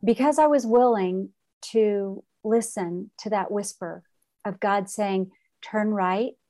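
A woman's voice: medium pitch, slow pace, dark tone. A middle-aged woman, a podcast guest telling an emotional personal story and acting out what others said. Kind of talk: conversational storytelling.

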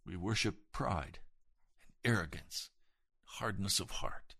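A man preaching a sermon, retelling scripture with dramatic emphasis and swelling loud at the high points. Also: takes it slowly, gravelly, slightly rough, no echo.

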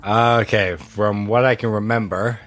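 A man with a very deep, low voice talks in a casual group chat. He is matter-of-fact and plainly lists things off one after another. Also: steady tone, unhurried, fairly bright tone, soft background music.

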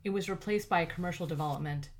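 A woman voicing a direct, guarded young woman investigator in an audiobook, slightly above her narrating pitch. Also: very fast, slight background noise, close to an everyday voice. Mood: matter-of-fact. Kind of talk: audiobook character voice.

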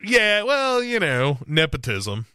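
A man's voice: high-pitched, wildly swooping pitch, slow, pushed and bright, clear, resonant tone, no echo, clean studio sound. A man co-hosting a podcast, casually retelling a TV episode in a rambling way, acting out lines as he goes. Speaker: podcast co-host. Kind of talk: casual recap chat.

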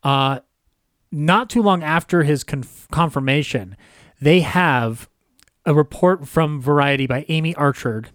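A man's voice: fairly high pitch, unhurried, a bit bright, no room sound, studio quality. A man co-hosting a podcast, chatting casually about film history in a jokey way, laughing often. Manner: jokey, laughs often, throws in silly impressions. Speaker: podcast co-host.

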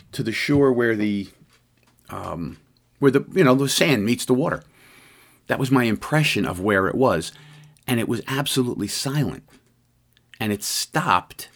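A middle-aged man telling a personal story as an eyewitness, halting and repeating himself, acting out the lines he and others said. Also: lowish voice. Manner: halting, repeats words, acts out quoted lines.

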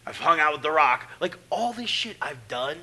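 A man from Brooklyn talks like a veteran pro wrestler on a casual podcast. He swears freely and acts out the people in his stories. His voice is very bright and a bit high, with a lively, swinging pitch. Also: moderate pace, poor audio. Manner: profane, animated, acts out quoted voices.

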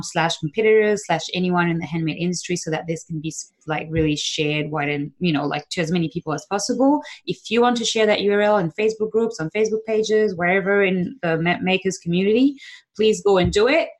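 A woman co-hosting a casual podcast chat, talking in quick runs full of fillers and restarts. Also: lowish voice. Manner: chatty, many fillers and restarts. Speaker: podcast co-host.

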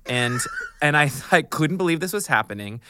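A man, an actor, telling an anecdote on a podcast, animated, often chuckling, and acting out the voices in his story. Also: fairly high pitch, normal speed, smooth, dry recording. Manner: chuckles often while he talks. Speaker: actor guest.

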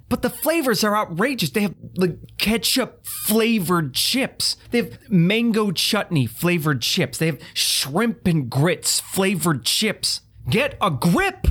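A man's voice: fairly bright tone, husky. A man hosting a comedy podcast, ranting in an exasperated, incredulous way. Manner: exasperated, incredulous rant rising in pitch. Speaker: podcast host. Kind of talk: comedic rant.

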